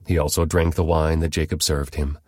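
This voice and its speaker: A man giving a measured, even scripted narration of a story. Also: rumbling low, no room sound, studio quality.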